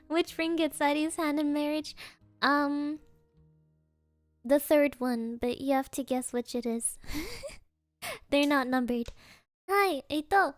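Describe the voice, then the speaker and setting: Playful woman streamer, high voice, unhurried, dry close sound. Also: dry recording, soft background music. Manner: playful, giggly, silly joking answers. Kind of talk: casual live Q&A chat.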